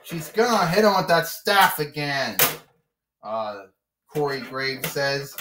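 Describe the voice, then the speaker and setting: A man's voice: a little high, slow, background noise. Man calling a play wrestling match. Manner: excitable, with sudden shouts. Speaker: narrator of a toy wrestling match. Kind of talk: play-by-play commentary. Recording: roomy, mic far off.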